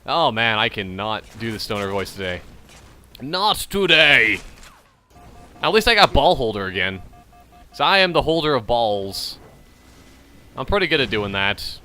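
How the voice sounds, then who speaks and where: A man's voice: on the low side, sing-song, normal speed, pushed and bright, faint music behind. A man hosting a gaming channel, rambling and joking about beer while he plays. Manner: rambling, jokey, self-mocking; frequent trailing restarts. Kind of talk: casual gameplay commentary while drinking beer.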